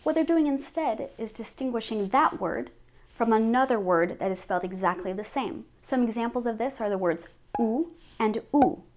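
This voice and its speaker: Slightly high-voiced woman teaching pronunciation. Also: animated, darkish tone. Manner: models each French sound slowly and clearly. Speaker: French teacher. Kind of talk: scripted language lesson.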